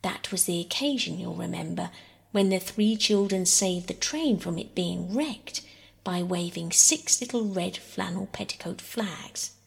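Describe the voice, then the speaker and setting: A woman reading a classic children's novel aloud as soft, often whispered bedtime story narration. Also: fairly low pitch, unhurried, creaky, slightly rough. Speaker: audiobook reader.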